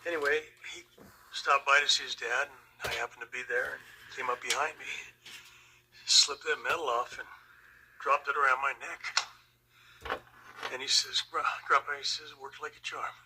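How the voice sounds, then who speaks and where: An older man and Vietnam veteran, telling a personal story slowly and with emotion. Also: mid-range voice, steady tone, noisy background. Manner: slow, emotional, reflective.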